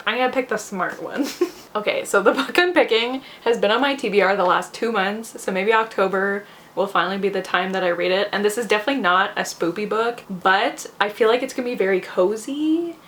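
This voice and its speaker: A woman's voice: mid-range voice, fairly quick, a little hiss or hum. Chatty young woman book vlogger. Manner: animated, laughs often, talks to herself. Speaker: booktuber. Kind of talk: casual chatty vlog.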